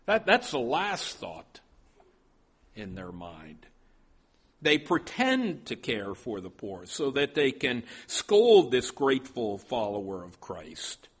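A man's voice: mid-range voice, huge pitch swings, takes it slowly, breathy edge. A male pastor preaching a sermon, stopping often and repeating his words as he goes.

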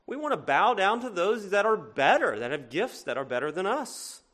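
A pastor with a fairly high voice for a man and an accent that blends Cajun with northern speech. He preaches conversationally in a church, tossing rhetorical questions at the congregation and swinging between loud and hushed. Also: big pitch swings, normal speed. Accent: Cajun mixed with northern US. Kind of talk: sermon.

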